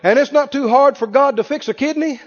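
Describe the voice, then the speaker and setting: A pastor with a very high voice preaches to his congregation and keeps firing questions at them. His voice rings through a large hall with a long tail of reverb. The recording is dull and lo-fi. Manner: asks the congregation rapid questions. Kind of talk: sermon.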